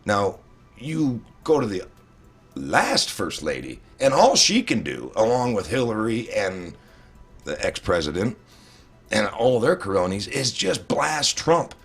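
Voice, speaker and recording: A man's voice: on the low side, big pitch swings, slow, breathy edge, soft background music. A man co-hosting a casual political talk show, speaking in a heated way and stammering when worked up.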